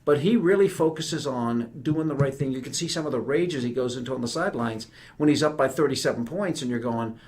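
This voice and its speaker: A brisk, quick-spoken man in his fifties with a New York accent, talking as a guest on a podcast. He tells stories in an animated, emphatic way, with a voice of middling pitch. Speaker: guest, retired army general. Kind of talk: conversational podcast interview.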